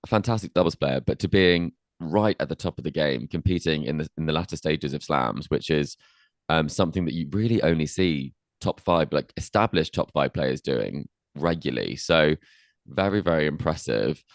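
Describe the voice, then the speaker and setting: A man's voice: very deep voice, moderate pace, dry recording, clean studio sound. A man co-hosting a sports podcast, chatting casually and interviewing a guest, with frequent ums and I means. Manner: relaxed, with many ums and I means. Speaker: podcast co-host. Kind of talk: casual tennis chat and interviewing.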